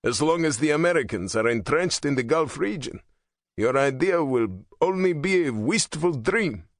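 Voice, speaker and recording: A man's voice: a little high, lively intonation, moderate pace, no echo, studio quality, pitched above the performer's own voice. A man voicing a bitter, growling president. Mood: impatient. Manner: growling, venomous, terse. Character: bitter, blunt male president, thick-set and grim.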